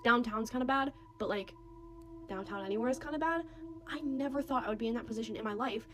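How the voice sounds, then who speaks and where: Chatty young woman, slightly high voice. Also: quick pace. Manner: animated, quotes others' voices, many "like"s. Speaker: storyteller. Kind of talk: casual storytime.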